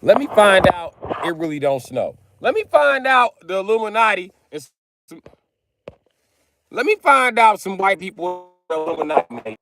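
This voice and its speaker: A man ranting on a casual livestream, profane and loud, breaking into high mock pleading. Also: very animated, normal speed, creaky, loud music behind the voice.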